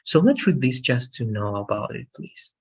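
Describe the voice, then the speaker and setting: A man's voice: medium pitch, sing-song, moderate pace, low-quality recording. A man teaching an English lesson on a video call, explaining patiently and often checking with "right?". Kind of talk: online language lesson.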